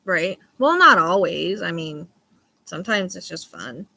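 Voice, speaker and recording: Bright sounding woman chatting to her stream, cusses casually, rambles on. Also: fairly low pitch, animated, measured pace, vocal fry, no echo. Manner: chatty, swears casually, reads chat. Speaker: livestream host. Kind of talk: casual livestream chat.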